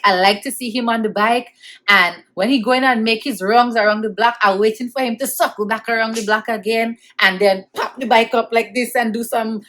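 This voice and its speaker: Higher-voiced woman telling a personal story. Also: a bit bright. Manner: emotional, conversational retelling with repeated phrases. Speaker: vlogger recounting childhood memories.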